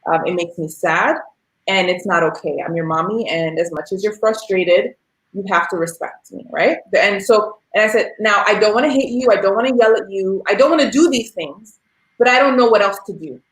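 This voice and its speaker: A woman's voice: mid-range voice, moderate pace. A woman in her thirties talking casually as a parent, telling candid stories about raising her young son and acting out the dialogue. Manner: candid, storytelling with quoted dialogue. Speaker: parent sharing experience. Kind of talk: casual discussion. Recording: roomy echo.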